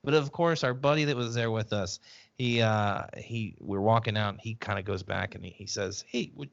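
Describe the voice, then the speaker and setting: A man's voice: on the low side, moderate pace, gravelly, dull audio. A man co-hosting a casual podcast, telling stories over a video call with many restarts and fillers. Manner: rambling storyteller with frequent restarts and fillers. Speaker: podcast co-host.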